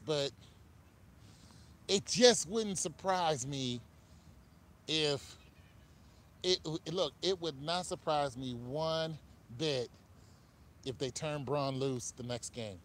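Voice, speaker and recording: A man hosting a live-stream show, talking casually and with animation, full of asides and quick laughs. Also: on the high side, fairly bright tone, a little hiss or hum. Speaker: online show host.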